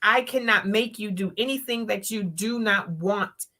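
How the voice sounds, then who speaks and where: A woman's voice: medium pitch, measured pace, pushed and bright. A woman hosting a live-streamed talk show, speaking emphatically and preaching her point, often acting out the words of others. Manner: emphatic, preachy, acts out quotes in voices.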